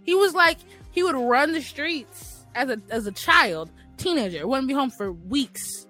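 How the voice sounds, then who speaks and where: A woman's voice: sits high, lively intonation, a little slow, pushed and bright, soft background music. A woman co-hosting a casual chat podcast, telling stories bluntly and candidly with slang. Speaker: podcast co-host.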